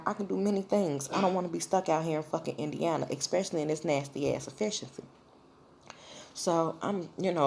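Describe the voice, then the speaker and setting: A woman's voice: sits low, darkish tone, slight background noise. A woman vlogger telling a personal story in a blunt, profane, casual way.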